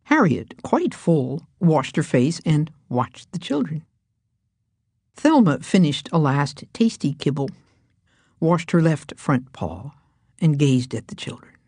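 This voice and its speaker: A woman reading a children's storybook aloud in a hushed, breathy manner. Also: sits low, very animated, takes it slowly, no room sound, studio quality.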